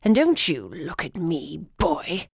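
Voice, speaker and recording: A woman voicing a cranky, blind old male griffin in human form, with a gruff, rasping English accent, in an audiobook. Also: deep voice, sing-song, slow, no echo, clean studio sound, heavily acted. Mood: sneering. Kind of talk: audiobook character voice.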